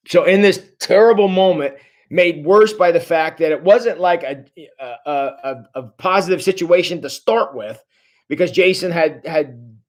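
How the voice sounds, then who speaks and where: A man talks a church group through a book chapter, in a voice a little higher than most men's. He is earnest and halting, often restarting his sentences and filling pauses with "uh" as he works his way to a point. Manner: earnest, many restarts and fillers. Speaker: church discussion leader.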